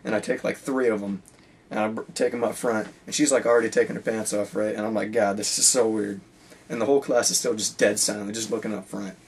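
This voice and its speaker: A man's voice: lowish voice, steady tone, fast talker, husky, far from the mic. A teenage boy casually telling stories about his school day, rambling with lots of "like" and "you know.". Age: teens. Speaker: high school student. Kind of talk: casual storytelling.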